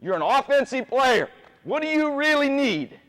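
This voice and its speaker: Brief: animated high-voiced man as youth basketball coach, quizzing kids, long gym reverb. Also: normal speed. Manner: animated, asks the players questions, repeats key points. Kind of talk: coaching clinic instruction. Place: gym with players on court.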